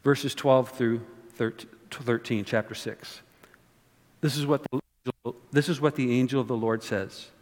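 A man's voice: medium pitch, steady tone, a little slow, darkish tone. A pastor giving a conversational sermon, often repeating words and asking his listeners rhetorical questions. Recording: long reverb of a hall.

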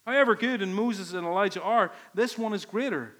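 A man's voice: sits high, brisk, fairly bright tone. A man preaching a sermon, earnest and emphatic, leaning on repeated phrases. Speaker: pastor.

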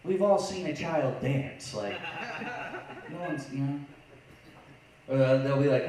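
On a lounge stage in front of a live audience, a man does stand-up comedy, sarcastically impersonating online voices. His fairly high voice moves at a measured pace with long pauses; the audio has background noise, heavy echo, and distant miking.

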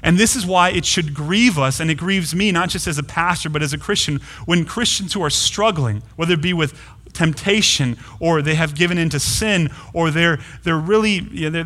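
A man's voice: a little high, a bit bright. A pastor giving a sermon, earnest and emphatic, repeating key phrases to drive his point home. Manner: earnest, emphatic preaching with repetitions.

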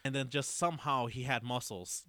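A man talks in a loose, rambling way, restarting his sentences and laughing as he goes. His voice is smooth and resonant. The sound is dry and close. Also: mid-range voice, fairly even intonation, fairly bright tone, no echo. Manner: rambling, halting, laughs often. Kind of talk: casual chat.

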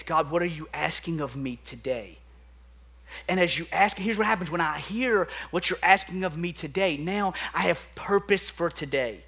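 A young pastor with a high-leaning, fairly bright voice preaches an earnest, emphatic sermon to his congregation in a church sanctuary. He often repeats words as he builds up.

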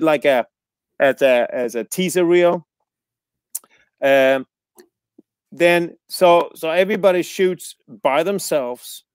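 A man chats casually, telling lively stories, cursing freely and acting out the people he quotes. His voice sits a little on the high side. The sound is dry and close, with no room echo. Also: smooth. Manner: animated, swears freely, mimics others in quotes. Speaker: actor guest. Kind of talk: casual storytelling chat.

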